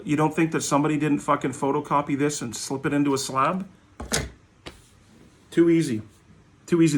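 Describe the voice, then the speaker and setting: A man's voice: mid-range voice, a bit bright. A middle-aged man ranting bluntly in a vlog, swearing constantly. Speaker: hockey card vlogger. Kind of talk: profane ranting monologue.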